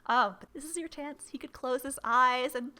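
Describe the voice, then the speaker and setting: A woman with a bright, fairly high voice reads a dating game aloud. She breaks in often with playful, chatty remarks to the characters on screen. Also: moderate pace. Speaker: let's-play host.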